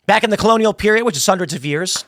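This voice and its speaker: Male pundit, high and bright, dry close sound, pushy delivery that trips over itself. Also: very fast, dry recording. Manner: emphatic, stumbles and repeats words, acts out quotes. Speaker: political commentator. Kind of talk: opinionated political commentary.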